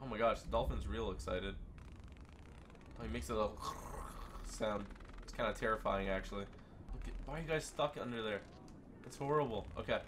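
Excitable young man commentating a game. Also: on the low side, moderate pace, pauses often, noisy background. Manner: excitable, loud bursts of surprise. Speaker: gaming YouTuber.

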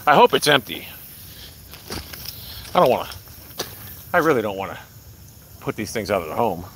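A man livestreaming outdoors on his phone, rambling excitably to his viewers and swearing freely. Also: on the low side, normal speed, a little hiss or hum. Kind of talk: outdoor live stream chat. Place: outdoors by a hill.

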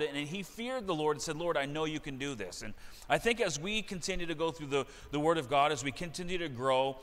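A man's voice: on the high side, a bit bright. A middle-aged male pastor preaching a sermon in a church, earnest and repeating key phrases for emphasis. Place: church sanctuary. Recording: long church reverb.

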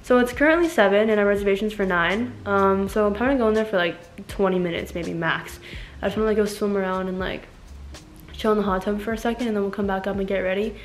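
A young woman chatting casually to camera as a vlogger. She is excitable, says "like" a lot and swears casually. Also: medium pitch, fast talker. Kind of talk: casual vlog chat to camera. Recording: roomy echo with faint music behind.

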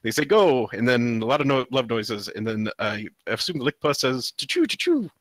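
A man's voice: mid-range voice, fairly quick, a bit bright, no echo. A man co-hosting a comedy podcast, reading a webcomic aloud with frequent giggles and silly voices. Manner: giggly, reads out panel dialogue in silly voices. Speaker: podcast co-host.

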